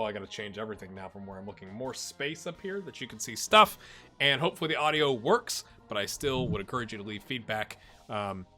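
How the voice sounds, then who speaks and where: A Scottish man hosting a casual let's-play from his home office, chatty and excitable, bursting into loud commentary when the match heats up. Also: medium pitch. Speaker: gaming channel host. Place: home office with a blue screen.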